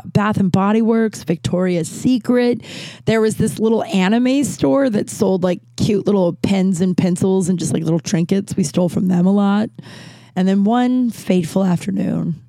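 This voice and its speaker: A woman's voice: lowish voice, gravelly, mellow, no room sound. A woman casually telling a personal story at home, rambling with many fillers and restarts and swearing now and then. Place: at home with a cat nearby.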